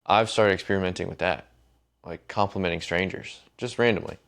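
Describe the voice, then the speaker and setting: Deep-voiced man hosting a casual podcast. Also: fairly quick, vocal fry. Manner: swears freely and tells stories with relaxed energy. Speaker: podcast host.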